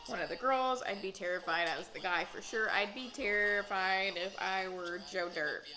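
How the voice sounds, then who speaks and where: A woman hosting a casual reaction recap of a reality dating show, chatting in a gossipy way with quick asides and bursts of laughter. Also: mid-range voice, a crowd in the background, rough recording.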